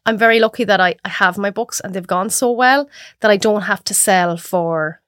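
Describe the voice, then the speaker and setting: An Irish woman chatting as a podcast guest, telling lively stories and acting out her own reactions. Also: mid-range voice, normal speed, dry recording, studio quality. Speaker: guest cook. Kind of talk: casual chat.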